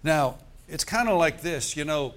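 A man preaching a sermon, slowing down to stress key words and asking the congregation "Amen?" between points. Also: a little high, lively intonation, fairly bright tone. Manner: preacher's call-and-response with "Amen?" and "Praise the Lord". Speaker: pastor.

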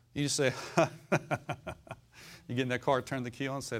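A man's voice: mid-range voice, level tone, unhurried, pauses often. A man preaching a sermon as pastor, folksy and fiery, calling out to the congregation for responses.

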